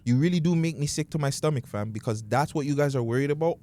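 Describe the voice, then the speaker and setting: A man's voice: on the high side, animated, fast talker, hardly any pauses, darkish tone. A man, co-hosting a podcast in a heated, profane, scornful rant. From Toronto, Canada. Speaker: podcast co-host.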